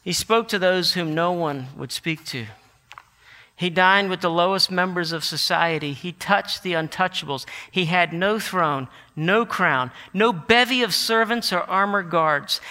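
Bright, high-voiced man preaching in a hall. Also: measured pace. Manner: animated, rising to emphatic declarations. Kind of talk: sermon. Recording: long hall reverb.

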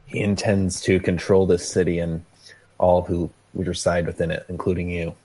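A man's voice: low-pitched, level tone, normal speed, warm tone, slightly rough. A man chatting casually as a tabletop game player, rambling and joking.

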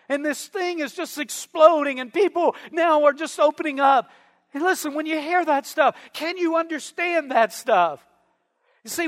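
High-voiced preacher in a reverberant hall. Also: male voice, a bit bright. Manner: emphatic preaching, slowing down for stressed phrases and quoting scripture. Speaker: pastor. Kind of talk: sermon.

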